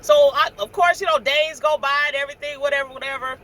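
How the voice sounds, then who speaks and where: A middle-aged woman truck driver telling a story casually, animated and chatty, acting out what people said. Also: high voice, fast, slight background noise. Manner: chatty, animated, acts out quoted dialogue.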